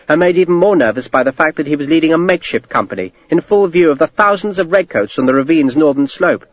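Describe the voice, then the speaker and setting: A man narrating a historical war novel as an audiobook, with an expressive storytelling delivery. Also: fairly high pitch, no room sound. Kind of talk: scripted narration.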